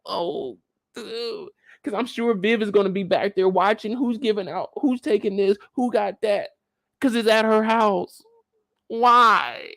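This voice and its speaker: A man's voice: high voice, a little slow, vocal fry, a bit bright, no room sound, studio quality. A man hosting a live after-show discussion, ranting in disbelief at his viewers and repeating phrases for emphasis. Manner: talks straight to his viewers. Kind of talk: animated live reaction commentary.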